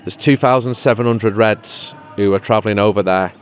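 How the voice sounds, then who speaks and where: A man's voice: lowish voice, fairly quick, a little hiss or hum. A man as a regular pundit in casual podcast chat, joking and rambling before turning rousing. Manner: jokey, rambling, then rousing.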